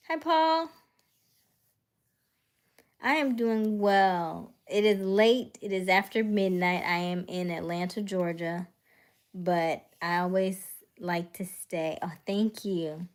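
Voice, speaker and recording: A woman chatting on a late-night live stream, talking slowly and unhurriedly. She greets her viewers one by one and keeps slipping into a hushed, soft whisper. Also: fairly low pitch. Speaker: livestream host.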